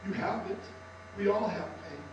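A man preaches with a high, strained voice that sounds worn. He builds to shouts for emphasis. He is heard from a distance in a very echoey hall with a faint electrical hum. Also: moderate pace, highs cut off. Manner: impassioned, swings to shouting for emphasis. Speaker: pastor. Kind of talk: sermon.

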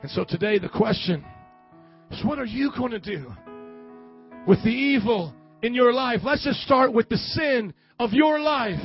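A pastor preaching a sermon to a congregation, shifting between fervent shouting and quiet, hushed passages. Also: male voice, very high-pitched. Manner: impassioned preaching that swings from shouting to hushed tones. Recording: muffled lo-fi recording with faint music.

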